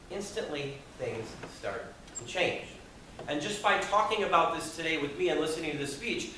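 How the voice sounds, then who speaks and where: Male motivational speaker, bright tone, high-ish voice, echoey hall-like room from a distance. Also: slight background noise. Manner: expressive, acts out quoted people, audience questions. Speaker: Toastmasters speaker. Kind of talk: motivational speech to a live audience. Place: meeting room with audience.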